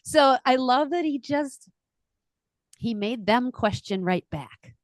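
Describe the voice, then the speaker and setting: A middle-aged woman co-hosting a podcast, talking casually in an animated storytelling manner and laughing often. Her voice sits a bit high, and the recording is dry and close with no room sound. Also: takes it slowly, no room sound. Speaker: podcast co-host, astrologer. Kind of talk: casual chat.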